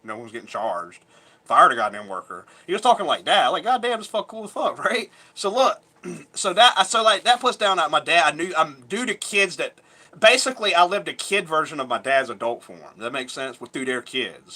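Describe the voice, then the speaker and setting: Rambling, profane bright-voiced man. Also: fairly high pitch, very animated, normal speed. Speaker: vlogger. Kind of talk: casual storytelling.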